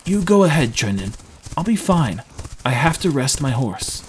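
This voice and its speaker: A man's voice: mid-range voice, very animated, moderate pace, a little hiss or hum, natural voice. A man voicing an earnest young traveler. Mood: calm. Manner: plain, earnest, polite. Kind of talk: audiobook character voice.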